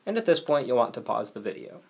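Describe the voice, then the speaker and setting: A man's voice: medium pitch, wildly swooping pitch, fast, creaky, slightly rough. Man giving a patient language lesson. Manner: patient, explanatory, reads example sentences aloud. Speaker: language teacher. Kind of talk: recorded video lesson narration.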